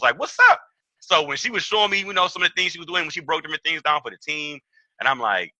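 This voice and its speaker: A young man, telling a story in an animated way and acting out the dialogue in a raised voice. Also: fairly high pitch, dry recording, rough recording. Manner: excitable, acts out quoted dialogue in raised voice. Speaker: trading trainer.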